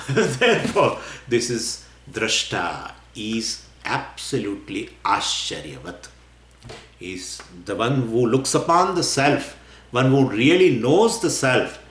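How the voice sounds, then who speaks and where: A man lectures on scripture in a voice of middling pitch. He is animated, acts out questions from his listeners and chuckles between points. The room has a noticeable echo. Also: takes it slowly, a little hiss or hum. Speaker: spiritual teacher. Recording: roomy echo.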